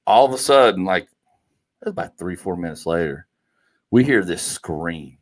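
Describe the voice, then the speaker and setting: A man co-hosting a podcast, telling a funny story in a casual, animated way and laughing often. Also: low-pitched, moderate pace. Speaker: podcast co-host.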